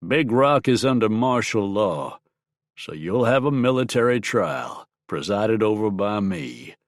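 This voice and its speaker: A man voicing a stern, scheming army colonel in an audiobook, with a sharp, strident, clipped delivery. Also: fairly low pitch, lively intonation, dry recording, clean studio sound. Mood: cold. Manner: cold, clipped, deliberate. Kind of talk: audiobook character voice.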